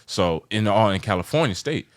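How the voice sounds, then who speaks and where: A man from New York hosting a casual sports chat, passionate and rambling, often getting loud and worked up. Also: lowish voice, lively intonation, moderate pace. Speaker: show host.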